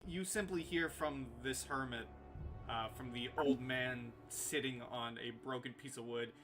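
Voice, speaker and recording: A man's voice: medium pitch, measured pace, a bit bright, soft background music. A man running a tabletop game as game master, narrating casually with frequent fillers.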